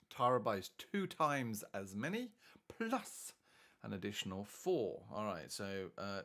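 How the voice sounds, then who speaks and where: A man's voice: medium pitch, vocal fry, a bit bright. A man teaching maths, chatting and thinking aloud as he works through exam problems. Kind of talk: worked-solution maths tutorial.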